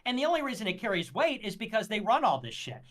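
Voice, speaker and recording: A man talking in a heated livestream debate, making his case in a measured, lecturing, argumentative way. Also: high-pitched, huge pitch swings, fairly bright tone. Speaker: guest.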